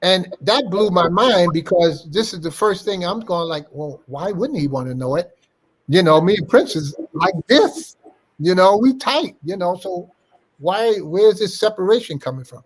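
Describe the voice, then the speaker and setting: Speaking at normal speed in a high-pitched voice, an older man shares an animated anecdote during an interview. He performs the quoted lines of each person in the story as it unfolds.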